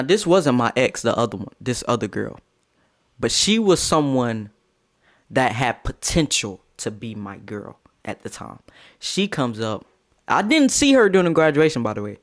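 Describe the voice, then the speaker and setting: A man telling a casual storytime, jumping to high squeals of disbelief and dropping to low mutters, laughing through it. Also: sing-song, normal speed. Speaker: storyteller vlogger.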